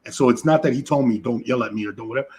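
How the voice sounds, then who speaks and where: A man with a husky, slightly rough voice co-hosts a relationship podcast. He talks in a loose, conversational way, telling stories about couples and checking in with his co-host through lots of "right?" and "you know what I'm saying?" asides. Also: mid-range voice, racing, a little mellow. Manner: storytelling, frequent "right?" asides. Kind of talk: casual relationship talk.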